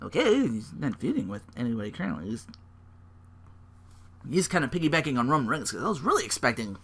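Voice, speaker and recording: A man talks alone in a loose, rambling podcast recap, swearing freely. His voice is bright and forward. His pitch swings widely as he jumps between thoughts. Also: big pitch swings, fast talker, slightly rough. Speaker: podcast host. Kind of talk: casual solo recap.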